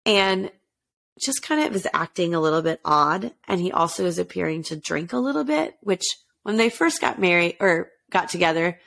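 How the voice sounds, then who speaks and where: A woman with a gravelly, creaky edge to her voice tells a story in a loose, chatty way. She jumps up and down in pitch to act out what people said, then drops back to her everyday voice. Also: animated, moderate pace, a bit bright. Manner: chatty, acts out quotes with shifts in pitch. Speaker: podcast host telling a true-crime story. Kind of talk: casual storytelling chat.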